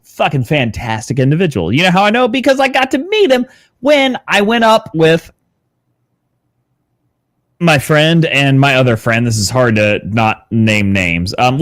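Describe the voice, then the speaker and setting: A man, a guest on a podcast, telling a story casually, animated and swearing freely. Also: medium pitch, dry recording, studio quality. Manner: animated, swears freely, acts out quoted dialogue. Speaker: podcast guest, content creator.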